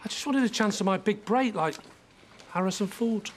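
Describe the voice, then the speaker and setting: An actor playing a bumbling, eager young extra who talks in a chirpy, apologetic way in a sitcom. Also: male voice, sits high, normal speed, slight background noise, lightly acted. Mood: earnest. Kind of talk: sitcom acting.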